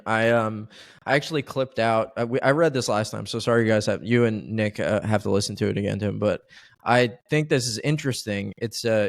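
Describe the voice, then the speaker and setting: A man co-hosting a podcast, chatting casually with friends and then reading an article aloud in a steady, measured way. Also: lowish voice, no room sound, clean studio sound. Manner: casual, swears freely, reads in a steady measured way. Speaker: podcast co-host.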